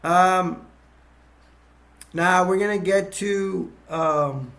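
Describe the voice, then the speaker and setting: A man's voice: high voice, extremely slow, a bit bright. A man casually retelling a movie plot as a reviewer, rambling with lots of fillers and restarts.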